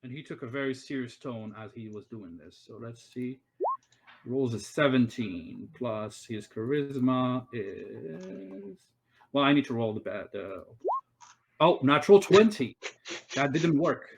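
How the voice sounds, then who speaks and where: A man's voice: mid-range voice, lively intonation, unhurried, vocal fry. Game master guy on a voice call, rambly, lots of ums, faint hum behind. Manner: rambling, thinking aloud with many fillers. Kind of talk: running a tabletop game online.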